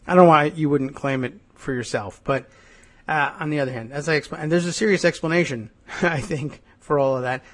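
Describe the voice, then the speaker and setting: A podcast host with a slightly high, somewhat bright voice talks fairly quickly, musing wryly on politics. He's sardonic, full of hesitations, dry asides, and frequent "uh" and "I guess."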